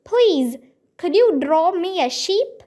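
A woman's voice: very high voice, animated, slow, mellow, voice pushed up, heavily acted. A woman reading a children's audiobook aloud and voicing a tiny boy prince from another world who is earnest, insistent and politely pleading.

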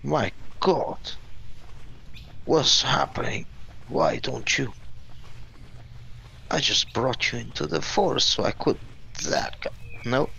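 A man's voice: mid-range voice, slow pace, gravelly, long pauses, sharp tone, husky. A man giving casual, jokey gameplay commentary and talking back to the characters on screen. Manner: jokey, talks to game characters. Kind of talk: casual let's-play commentary.

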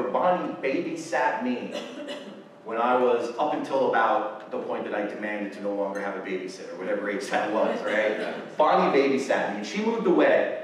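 A man's voice: lowish voice, a little hiss or hum. Male keynote speaker, emotional personal storytelling, distant mic, big reverberant room, faint ambience. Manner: heartfelt, emotional, halting. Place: lecture hall or stage. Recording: roomy hall from far off.

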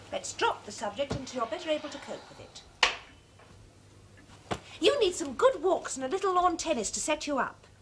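An actress playing a cool, self-possessed young college-educated daughter who speaks crisply and precisely, in a period film drama. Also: female voice, high-pitched, fairly bright tone, slight background noise. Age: young adult.

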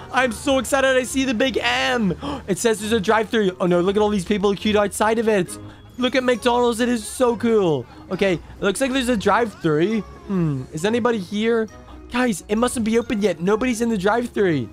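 Brief: a man playing a mischievous baby boy, squeaky-high voice, gushing and exclaiming, for game role-play. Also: normal speed, faint music behind. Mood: excited. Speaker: gaming role-player. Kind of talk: role-play commentary over gameplay.

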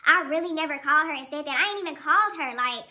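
A woman putting on a high, whiny, fake-sweet girlfriend. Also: lively intonation, sharp tone, exaggerated voice. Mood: defensive. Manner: sugary, defensive, fast whining. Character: high whiny young woman denying everything.

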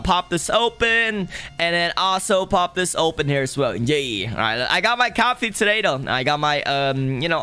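A man's voice: high-pitched, pushed and bright, clean tone. A young man live-streaming a game, chatting casually and greeting viewers in the chat one after another.

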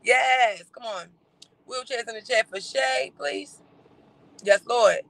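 A man chatting to a livestream audience in a sassy, campy manner. He teases and gossips, full of drawn-out exclamations and laughter. His voice sits high with a bright edge and a gravelly fry. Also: low-quality recording.

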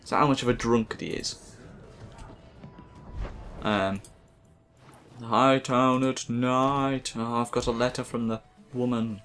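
A man's voice: mid-range voice, steady tone, measured pace, pauses often, a bit bright, faint music behind. A man giving casual let's play commentary over a game, sarcastic and mumbling, with swearing. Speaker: gaming video host.

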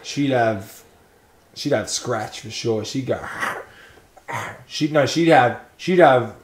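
A man's voice: mid-range voice, slow. A young Australian man co-hosting a casual music review, cracking crude rambling jokes and laughing a lot. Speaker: podcast co-host. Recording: echoey room, faint noise.

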